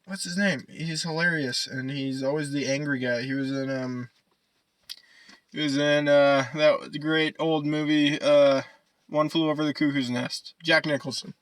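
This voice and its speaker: Young guy, podcast co-host, loose profane rambling, bright edge, dry close mic. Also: fairly high pitch, steady tone, unhurried, no room sound, poor audio. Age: young adult. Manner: rambling, profane, laughs often. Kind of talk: casual chat.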